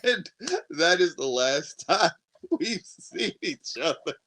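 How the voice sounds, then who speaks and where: A man's voice: a little high, takes it slowly, bright, forceful tone. A man co-hosting a podcast, telling a story in casual chat with lots of profanity and laughter. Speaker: podcast co-host.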